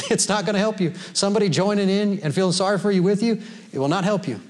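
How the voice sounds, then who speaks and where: A pastor with a high-sitting voice talks fast as he preaches to a congregation in a church sanctuary. His sermon is folksy, full of laughter and scripture quotes.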